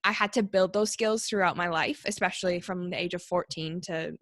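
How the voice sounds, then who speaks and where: A woman's voice: on the low side, fairly quick, fairly bright tone, dry recording, studio quality. A woman in her twenties with a Canadian accent, talking casually as a podcast guest and using "like" often. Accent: Canadian English. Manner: chatty, frequent "like" fillers. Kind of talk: casual conversation.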